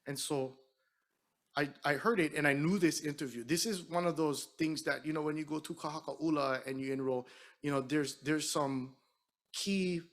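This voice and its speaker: A middle-aged man from Hawaii with a Hawaiian Pidgin-tinged accent, an entertainer telling an animated story to an audience between songs. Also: fairly high pitch, normal speed. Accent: Hawaiian Pidgin-tinged English. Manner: chatty, animated storyteller who acts out quotes. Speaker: singer and entertainer.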